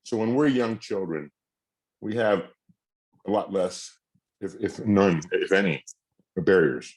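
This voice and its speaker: A man's voice: deep voice, slow pace, a little mellow. A middle-aged man giving a masterclass talk as a mental fitness coach, earnest, acting out spoken phrases with shifting inflection.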